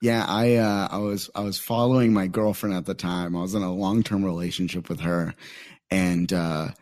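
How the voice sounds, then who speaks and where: With a low, steady, somewhat mellow voice and a moderate pace, this young man, a stand-up comedian from Phoenix, Arizona, rambles through a story in relaxed conversation. Many "like" fillers and quoted asides fill his telling. The sound is clean studio quality, without echo.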